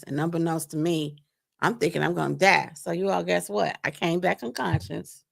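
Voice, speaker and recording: A woman telling a painful personal story on a live stream, animated and speaking straight to her listeners. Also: fairly low pitch, moderate pace, creaky. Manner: animated, acts out quoted voices, addresses listeners as "you all". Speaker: guest sharing a testimony. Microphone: remote stream mic.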